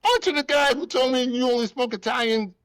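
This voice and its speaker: A man's voice: very high voice, a little fast, smooth, no echo. A man hosting a casual podcast, telling stories with lots of feeling, acting out the people in them and swearing freely. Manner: animated storytelling, acts out people, swears freely. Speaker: podcast host.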